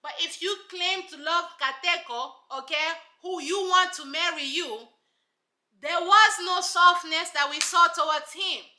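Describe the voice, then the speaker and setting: A woman's voice: very high-pitched, a little slow, sharp tone, roomy sound. A woman giving casual, sassy commentary on a reality show, emphatic and full of rhetorical asides.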